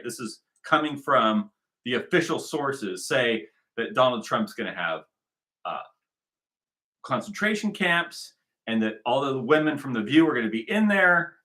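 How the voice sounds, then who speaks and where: A man's voice: medium pitch, sharp tone. An American man from the United States giving sarcastic, rambling commentary on news clips and often repeating phrases.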